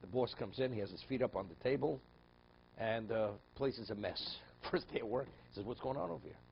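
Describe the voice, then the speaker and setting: A rabbi teaching his daily class on a religious text, speaking in a lowish voice at a normal pace. He tells stories, poses rhetorical questions, and often repeats words. The recording has its highs cut off and a slight background hiss.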